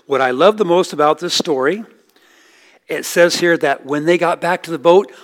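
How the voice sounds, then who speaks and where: A middle-aged man preaching a sermon, telling stories earnestly, rising for quoted lines and dropping low and soft at key points. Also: moderate pace. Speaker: pastor.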